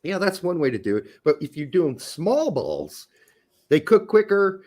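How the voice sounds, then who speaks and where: A man's voice: on the high side, big pitch swings, unhurried, a little mellow. A man co-hosting a casual podcast, joking and swearing while drinking beer and talking cooking. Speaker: podcast co-host.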